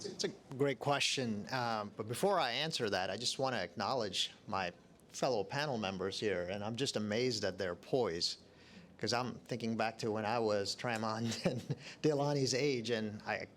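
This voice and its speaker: A middle-aged man answering a question on a panel, earnest and speaking up in a loud projecting voice. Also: on the low side, normal speed, slight background noise. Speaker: hospital leader on a panel. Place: event arena.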